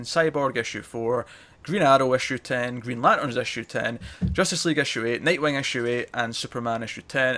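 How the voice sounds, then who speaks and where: A man's voice: mid-range voice, pushed and bright. A man hosting a comics podcast in a casual chat, reading out lists with the odd filler. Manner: chatty, reads lists briskly with fillers. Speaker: podcast host.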